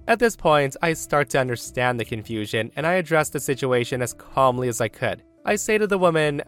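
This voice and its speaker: A man's voice: mid-range voice, lively intonation, fairly quick, hardly any pauses, fairly bright tone, smooth, faint music behind. A man reading online stories aloud in a casual way, talking straight to his listeners. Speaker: story narrator.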